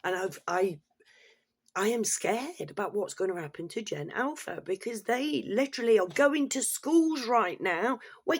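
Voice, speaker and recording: A woman's voice: mid-range voice, animated, a little slow, breathy edge. A woman ranting bluntly and swearing freely, in an exasperated casual monologue. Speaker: commentator.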